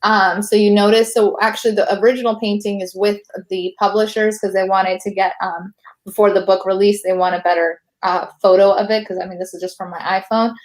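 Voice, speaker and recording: Casual slangy woman poet, mid-pitched voice. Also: level tone, brisk. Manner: casual slangy talk, many fillers. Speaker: guest poet and professor. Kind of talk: casual interview chat.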